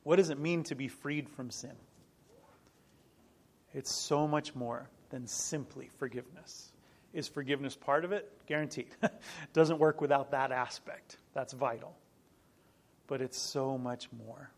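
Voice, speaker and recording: A man's voice: medium pitch, fairly even intonation, unhurried, long pauses. A middle-aged man preaching a sermon as pastor, earnest and emphatic, repeating key phrases and breaking into small laughs. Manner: frequent small laughs and restarts.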